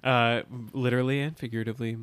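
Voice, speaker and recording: A man co-hosting a podcast, casually recapping an episode in an animated way, swearing and acting out lines in quick voices. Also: medium pitch, clean tone, no room sound. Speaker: podcast co-host.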